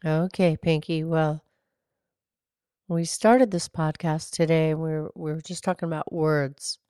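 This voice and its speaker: A woman voicing a gentle, low-voiced podcast co-host who speaks softly and slowly. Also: fairly even intonation, clear, resonant tone, no room sound, studio quality. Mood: calm. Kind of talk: casual chat.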